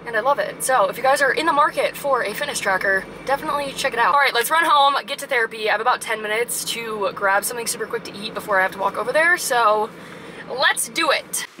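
A woman's voice: fairly high pitch, fast, pushed and bright, slight background noise, low-quality recording. A young woman vlogging casually to camera after a workout, upbeat and chatty, saying "super" and "like" a lot. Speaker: fitness vlogger. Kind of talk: casual vlog talk to camera. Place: outside a gym and at home.

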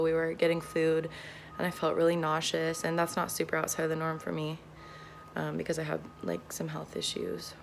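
A woman's voice: deep voice, vocal fry, a little hiss or hum. Young woman's nervous, emotional vlog. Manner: shaky and emotional, trailing off with sighs and nervous laughs. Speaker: vlogger. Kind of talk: personal vlog.

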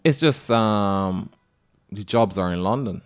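A young man from Barbados with a Barbadian accent, a comedian guest who speaks softly and hesitantly in a laid-back way. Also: on the low side, slow pace, clear, resonant tone. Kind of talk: casual interview chat.

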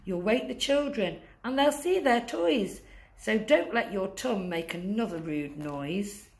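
A woman's voice: medium pitch, animated, measured pace, a little mellow. A woman voicing a strict, bossy Christmas elf in a storybook, scolding and shushing with emphasis.

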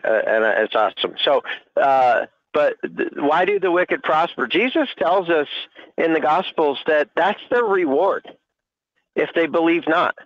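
Over a lo-fi online call or stream mic with no echo, a man speaks as a church panelist. His medium-pitched voice has a fairly bright tone, and he preaches earnestly with many fillers.

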